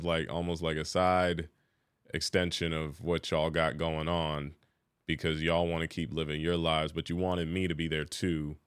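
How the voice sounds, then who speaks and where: Deep, smooth-voiced man podcaster. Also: no room sound, studio quality. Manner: relaxed, slangy, reflective. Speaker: podcast co-host. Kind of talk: casual chat. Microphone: podcast mic.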